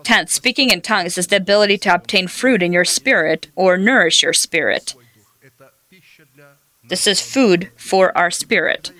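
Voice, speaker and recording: A woman's voice: lowish voice, moderate pace, bright, forceful tone, no room sound. A woman preaching a sermon, telling personal stories and quoting scripture in an earnest way. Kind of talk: sermon teaching.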